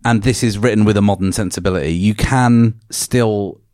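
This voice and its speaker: A man co-hosting a podcast, reading fan fiction aloud in a measured, expressive way, then discussing it animatedly. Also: on the low side, dry recording, clean studio sound. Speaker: podcast co-host.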